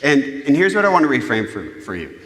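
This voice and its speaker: A man's voice: medium pitch, quick pace. A man giving a conversational, humorous sermon on parenting, acting out voices as he goes. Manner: animated, humorous, acts out quoted voices. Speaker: church speaker. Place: church sanctuary. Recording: echoey hall reverb.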